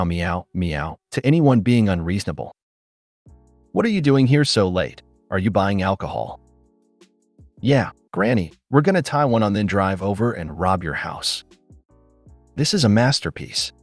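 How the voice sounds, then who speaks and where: A man with a lowish voice reads online posts aloud as scripted narration, his pitch rising and falling with lively movement. The voice is close and dry, with faint background music underneath. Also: no room sound. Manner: lively storytelling reading.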